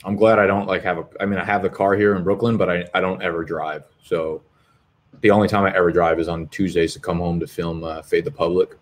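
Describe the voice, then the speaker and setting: A man's voice: low-pitched, flat delivery, a little fast. A man, hosting a live stream in profane, rambling casual chat. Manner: profane, rambling, swears constantly.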